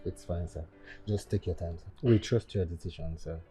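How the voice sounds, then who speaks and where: A man's voice: deep voice, moderate pace, warm tone, close to an everyday voice. A man playing a deferential Nigerian employee. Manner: respectful, says sir constantly. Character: loyal, deferential male employee. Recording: film soundtrack with faint music.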